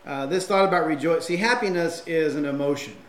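A man's voice: a little high, a little fast, reverberant. A man preaching a sermon and reading scripture aloud, in a conversational manner with frequent fillers and restarts.

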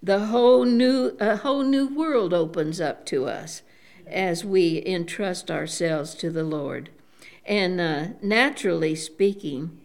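An elderly woman giving a devout sermon, unhurried, often saying praise the Lord and pausing with fillers. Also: lowish voice. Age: older. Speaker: preacher.

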